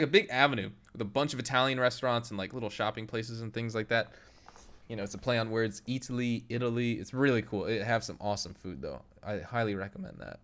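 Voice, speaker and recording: A man's voice: mid-range voice, a bit bright. A young man streaming live, chatting casually with his viewers, reading their messages aloud and laughing often. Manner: loose, laughing, reads chat aloud and tries impressions.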